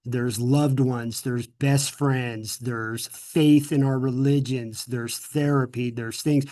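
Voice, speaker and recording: A middle-aged American man with a mellow, medium-pitched voice answers interview questions earnestly as a guest speaker. He often repeats words and restarts his sentences.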